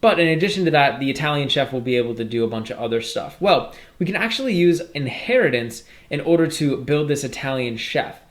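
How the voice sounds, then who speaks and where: A man's voice: on the high side, animated, fairly quick, hardly any pauses. A man explaining programming in a casual, upbeat way, walking through code as he types. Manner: casual, upbeat explaining with fillers while coding. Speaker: programming tutor. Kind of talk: screen-recorded coding tutorial.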